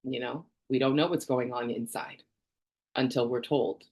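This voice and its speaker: A woman's voice: rumbling low, fairly even intonation, normal speed, a little mellow, husky. Candid woman in her 40s from canada, chatty vlog talk, rambles and laughs a lot. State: tearful at times. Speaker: vlogger. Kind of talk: personal health vlog.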